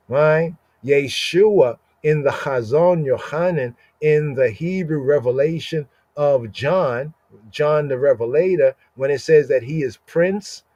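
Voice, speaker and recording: A man teaching scripture on a podcast, explaining slowly, repeating words and often asking "right?". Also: on the high side, darkish tone, no room sound, lo-fi sound. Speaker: Bible teacher.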